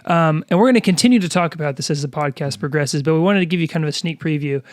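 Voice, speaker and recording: A man's voice: on the high side, dry recording. A man in his twenties co-hosting a church podcast, talking earnestly with many fillers. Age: 20s. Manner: quick, earnest, lots of fillers. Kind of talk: casual chat.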